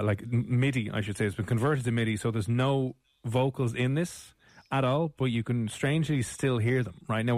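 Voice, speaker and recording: A man's voice: medium pitch, a little mellow, dry recording. An Irish man hosting a radio show, chatting casually with lots of fillers and restarts. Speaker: radio host. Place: radio studio. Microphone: studio mic.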